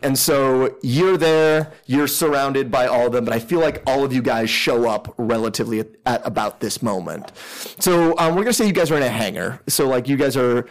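A man's voice: mid-range voice, moderate pace, poor audio. A man narrating a tabletop role-playing game as game master, with many fillers and restarts.

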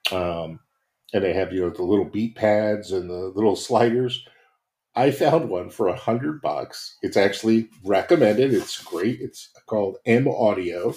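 A man with a fairly low voice talks casually and at length on a podcast. His delivery is loose and rambling, full of "you know" and "um". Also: unhurried. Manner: rambling, relaxed, many fillers. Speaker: podcast co-host. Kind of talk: casual chat.

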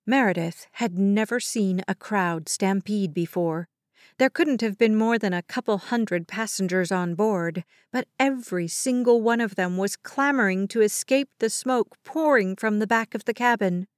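A woman narrating a dramatic audiobook in a measured storytelling manner. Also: mid-range voice, no room sound, clean studio sound. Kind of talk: scripted narration.

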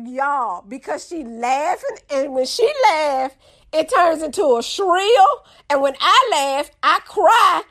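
A young woman, telling a funny story to her viewers in a lively, casual way. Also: sits high, slow pace. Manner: animated, drawling, addresses audience as y'all.

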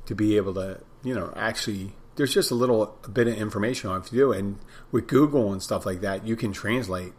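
Husky-voiced man rambling on a podcast. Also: on the low side, a little fast, few pauses. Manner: rambling, chatty, self-correcting. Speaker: podcast host, bartender. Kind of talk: casual solo podcast talk. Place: home in the Florida Keys.

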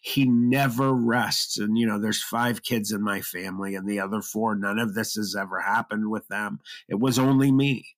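A man's voice: lowish voice, steady tone, normal speed, hardly any pauses. A man telling his personal story in an interview, earnest and emotional, choked up at times, often restarting his sentences. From half Lebanese, half German Irish heritage.

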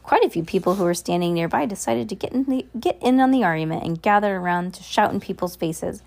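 A woman's voice: medium pitch, lively intonation, fast talker, gravelly, darkish tone. A woman reading a novel aloud, now and then stumbling and correcting herself.

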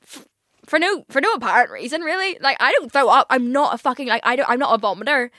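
A woman's voice: high-pitched, lively intonation, fast, sharp tone, dry recording, studio quality. A young Northern Irish woman in her twenties hosting a casual solo podcast, chatty and oversharing, swearing often and filling every gap with "like". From Northern Ireland. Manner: chatty, swears a lot, heavy filler "like". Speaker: podcast host.

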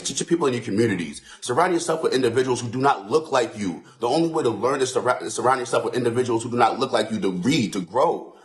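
A young man from the United States with a New York accent, a fitness instructor speaking in a raw, impassioned, profane and pleading way in an emotional social media video. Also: mid-range voice.

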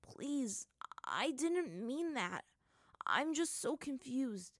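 A woman's voice: high-pitched, big pitch swings, extremely slow, dry recording, clean studio sound, voice pushed up, full character voice. A woman doing Aang, an anxious pleading boy.

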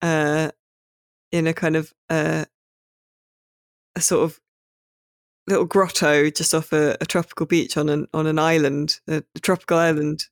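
A man's voice: on the high side, little pitch movement, unhurried, long pauses, dry recording, clean studio sound. A man hosting a podcast in casual chat, rambling and hesitant with many fillers. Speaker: podcast host.

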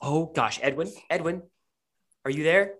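A game master voicing an unseen scheming gang boss who calls through a wall, muffled, patronizing and menacing with sweet endearments. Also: fairly bright tone. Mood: anxious. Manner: patronizing endearments, low and slow.

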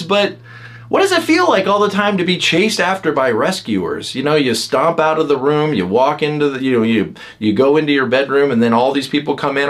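A man hosting a podcast, talking casually about personality types, with many fillers and quick acted-out lines from other people. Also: on the high side, a bit bright. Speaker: podcast host. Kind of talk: casual teaching talk.

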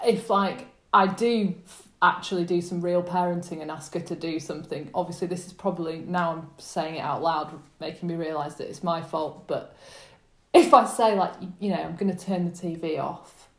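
A woman guest on a podcast, telling stories in a self-deprecating, animated way over a remote call. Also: lowish voice, moderate pace, roomy sound. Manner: self-deprecating, animated, quotes people in mock voices. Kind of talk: casual interview chat, storytelling.

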